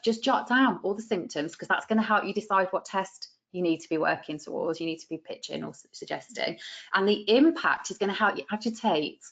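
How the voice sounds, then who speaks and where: A British woman teaching a masterclass for practitioners, chatty and coaching, acting out client voices as she explains. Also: on the low side. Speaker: business coach for nutritionists. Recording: muffled lo-fi audio.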